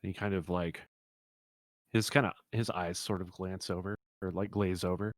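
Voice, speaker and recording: A man's voice: low voice, fairly even intonation, moderate pace, dry recording, studio quality. A man narrating a tabletop game as game master, hesitant with many fillers. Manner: hesitant, lots of uh and um.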